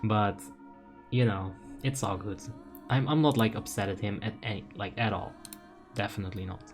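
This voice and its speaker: A young man from the Netherlands doing casual live gameplay commentary, reading chat aloud with excited bursts. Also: on the low side, normal speed, faint music behind. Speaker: game streamer.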